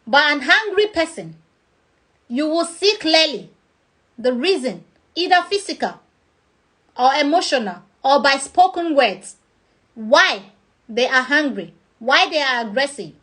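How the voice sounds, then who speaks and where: Nigerian lady vlogging, chatty, pretty high voice. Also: very animated, unhurried, pauses often, a bit bright. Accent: Nigerian English. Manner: chatty, uses acted-out examples. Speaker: vlogger explaining a topic. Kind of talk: casual explanatory talk.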